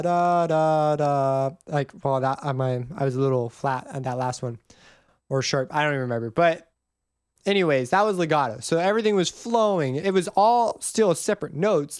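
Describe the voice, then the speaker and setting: A man giving a casual music theory lesson, rambling and correcting himself as he goes, and humming the notes out loud. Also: fairly high pitch, no room sound, clean studio sound. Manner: rambling, self-correcting, hums and counts notes aloud. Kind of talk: casual screen-recorded tutorial.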